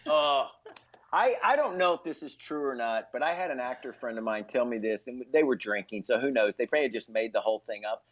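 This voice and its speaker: A man, a stand-up comedian, chatting casually and telling lively stories full of impressions. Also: medium pitch, fairly quick, highs cut off. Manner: animated storyteller who breaks into impressions. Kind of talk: casual chat with anecdotes.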